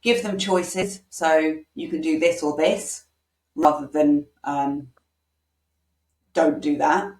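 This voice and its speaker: A woman with a low voice coaches parents in an informal online workshop. She talks in a loose, conversational way, full of ums, and slips into example phrases meant for children. Her voice sounds roomy and a little distant from the microphone. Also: slow, a little mellow.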